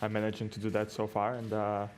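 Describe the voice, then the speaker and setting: A racing driver answering a press question quietly, his voice fading as he goes. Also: fairly low pitch, monotone, fast, slight background noise. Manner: quiet, trailing off.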